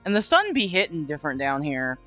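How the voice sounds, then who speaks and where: A man's voice: fairly high pitch, huge pitch swings, a little fast, sharp tone, faint music behind. A man chatting casually on a stream, joking and self-deprecating, laughing along with his co-host. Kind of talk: casual chat.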